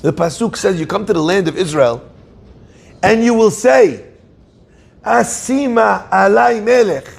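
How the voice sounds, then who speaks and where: A man giving a sermon-style Torah class, breaking into quick joking asides. His voice sits high and has a husky, gravelly edge. He speaks to a room with a live audience. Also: lively intonation.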